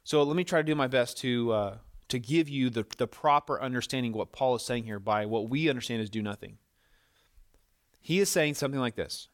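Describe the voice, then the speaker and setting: A man's voice: mid-range voice, a little fast. A man preaching a sermon as a pastor, emphatic and repeating words to drive points home, with small restarts as he explains.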